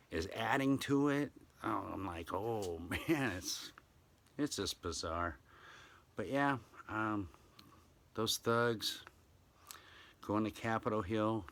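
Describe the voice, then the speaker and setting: A man's voice: on the low side, sharp tone. A man hosting his own talk show, rambling and exclaiming often as he talks. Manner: rambling, exclaims often, slips into silly voices. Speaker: show host. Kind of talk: casual solo talk show monologue.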